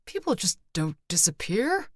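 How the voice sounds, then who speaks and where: A woman's voice: mid-range voice, very animated, a little slow, no room sound, clean studio sound. A woman voicing a bewildered young man in an audiobook, blurting raised exclamations.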